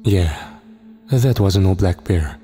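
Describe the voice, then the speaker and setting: A blunt, sneering male Marine sniper, voiced by a man reading a horror story. The voice is low and dark, and the lines come out short and scornful. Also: slow pace, soft background music.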